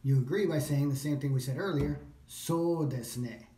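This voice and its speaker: A man works through a language course out loud, drawing phrases out slowly and repeating them. His voice is mellow and middle-pitched. The room around him gives it a noticeable echo. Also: a little hiss or hum. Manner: repeats phrases slowly, thinks aloud, self-corrects. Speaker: language learner. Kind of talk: practicing along with a language course. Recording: echoey room.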